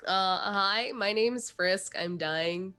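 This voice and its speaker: A woman's voice: mid-range voice, slow, bright, forceful tone, clean tone, dry recording, soft background music. A woman who streams and does voice work, chatting in a giggly, friendly way on a livestream. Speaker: variety streamer and voice performer. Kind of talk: casual livestream chat.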